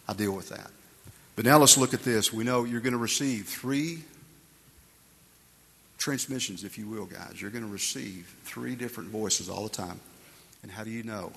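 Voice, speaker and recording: Gravelly low-voiced guy preaching to a men's group, husky, big reverb hall. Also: a bit bright, a little hiss or hum. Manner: emphatic, conversational preaching with asides like "man" and "guys". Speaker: men's ministry speaker. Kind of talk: sermon to men.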